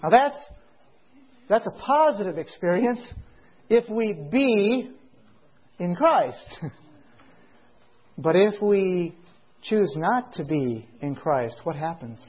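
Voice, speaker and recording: A man preaching a sermon to a congregation in a meeting. He speaks in slow, emphatic phrases, draws out key words, and keeps asking his listeners rhetorical questions. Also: high-pitched, slightly rough. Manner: asks the audience rhetorical questions. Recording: dull lo-fi recording.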